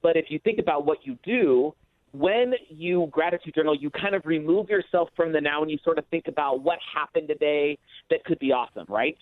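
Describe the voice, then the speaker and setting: A man's voice: on the high side, no echo, phone-quality sound. A man talking as a podcast guest, telling stories with energy and acting out his own reactions. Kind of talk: podcast conversation.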